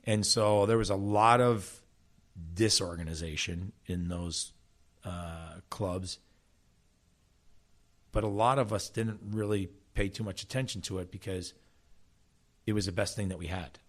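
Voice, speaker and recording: A man's voice: sits low, a little slow, long pauses. A middle-aged man from South Jersey, a soccer coach, telling stories in a casual interview with frequent restarts. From South Jersey, USA. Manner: animated storyteller, frequent restarts. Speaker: soccer coach and former player, guest.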